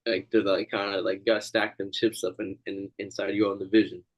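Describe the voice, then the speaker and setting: A man's voice: on the low side, level tone, a little fast, poor audio. A man co-hosting a casual sports betting chat, reasoning through his picks in a laid-back, rambling way. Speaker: podcast co-host.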